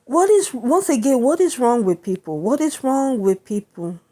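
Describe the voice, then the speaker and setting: A woman's voice: fairly high pitch, lively intonation, moderate pace, warm tone. A woman venting indignantly to camera in a vlog, often asking her listeners whether they understand. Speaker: vlogger.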